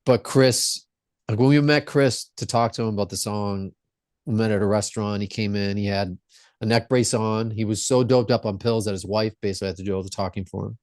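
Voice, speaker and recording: A man's voice: fairly low pitch, fairly even intonation, fairly quick, darkish tone, no room sound, clean studio sound. A man who is a rock singer, the guest on a podcast, telling stories in an earnest, reflective way. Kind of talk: casual interview storytelling.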